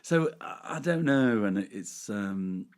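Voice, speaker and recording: A man's voice: on the low side, expressive, slow pace. A middle-aged man, chatting casually as a podcast co-host and telling anecdotes. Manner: chatty storyteller who acts out fans in put-on voices. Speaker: podcast co-host, tribute singer. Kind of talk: casual chat.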